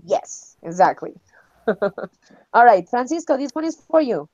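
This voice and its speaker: A woman's voice: a little high, big pitch swings, unhurried, darkish tone, dry recording. Woman english teacher, upbeat, laughs a lot, dull dry lo-fi sound. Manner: encouraging, laughs often. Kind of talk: online English class.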